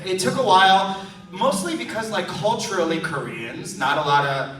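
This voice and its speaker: A man delivers a live stand-up set at a comedy club, laughing between lines as he shares self-deprecating stories while the audience laughs. He has a high, fairly bright voice with lively intonation at normal speed, and the roomy, distant club recording carries a little hiss or hum.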